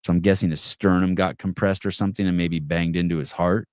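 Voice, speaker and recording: A man with a fairly low, smooth and resonant voice hosts a live podcast. He swears freely, stumbles and restarts his words, and reads out comments from the chat. The sound is close and dry, with no room echo. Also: steady tone, brisk, darkish tone. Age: adult with children. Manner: blunt and profane, restarts words often. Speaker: podcast host. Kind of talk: casual live call-in chat, reading viewer comments.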